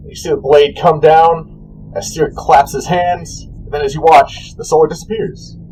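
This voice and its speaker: A man narrating a tabletop game as dungeon master, animated and rambling, correcting himself as he goes. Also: a little high, normal speed, a little hiss or hum, low-quality recording.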